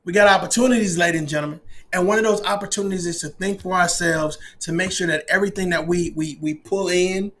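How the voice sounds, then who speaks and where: Man in his forties, podcast host, loud animated profane rant, high voice. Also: fast talker, few pauses. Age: 40s. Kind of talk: casual monologue.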